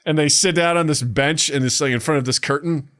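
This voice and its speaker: A man co-hosting a casual podcast, telling stories in an animated way and acting out scenes. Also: fairly high pitch, brisk. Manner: animated storyteller who acts out scenes with voices. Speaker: podcast co-host.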